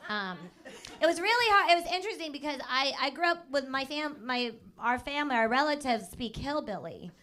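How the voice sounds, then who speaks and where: A woman's voice: high voice, lively intonation, brisk. A woman performing a stand-up comedy set in front of a live audience, laughing between jokes and teasing the crowd. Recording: live club with loud crowd laughter and room noise.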